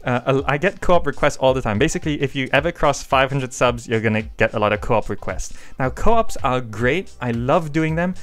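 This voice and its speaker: A man's voice: mid-range voice, expressive, moderate pace, hardly any pauses. A man hosting his gaming channel, answering viewer questions in a casual, rambling way with frequent hesitations, into a desk microphone. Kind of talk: casual Q&A vlog. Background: faint background music.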